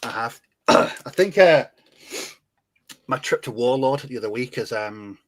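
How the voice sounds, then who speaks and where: A man's voice: mid-range voice, expressive, a little slow, no echo. A man chatting casually on a hobby podcast, talking down his own work and rambling with restarts. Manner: self-deprecating, rambling with restarts. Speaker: podcast co-host. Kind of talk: casual chat.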